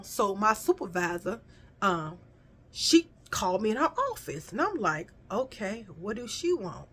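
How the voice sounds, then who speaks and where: A woman's voice: medium pitch, sharp tone. Woman telling a blunt, profane story. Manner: blunt, profane, addresses viewers as y'all. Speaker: vlogger. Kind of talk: casual storytime monologue.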